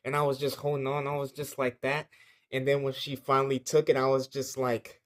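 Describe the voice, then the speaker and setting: Young man, mid pitch, telling a casual vlog story that rambles with slang, fillers and swearing. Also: completely flat delivery, a little fast.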